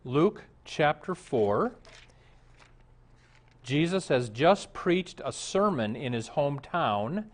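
A man's voice: on the high side, big pitch swings, slow pace. A man, a pastor, preaching a conversational sermon with jokes and direct questions to the congregation.

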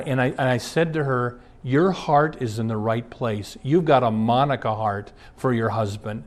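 A man's voice: medium pitch, moderate pace, hardly any pauses. A man, a pastor, giving an earnest sermon built around personal stories, reading passages aloud and then recounting anecdotes from his ministry. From Twin Cities area.

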